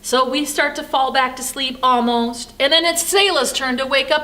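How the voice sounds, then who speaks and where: An older woman pastor telling a personal story as a devotional sermon, animated and then soft and reflective. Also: high-pitched, normal speed, few pauses.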